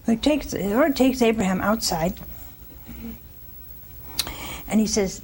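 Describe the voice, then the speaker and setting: A woman preacher giving a folksy, animated sermon, throwing rhetorical questions at her listeners. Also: on the high side, slow pace, long pauses, slight background noise.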